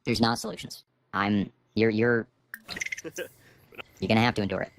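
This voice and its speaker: A man's voice: lowish voice, lively intonation, measured pace, background noise. A middle-aged man livestreaming from home, ranting bitterly and profanely about his life through a streaming microphone. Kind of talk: livestream rant. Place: at home, seated. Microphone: streaming microphone with auto gain.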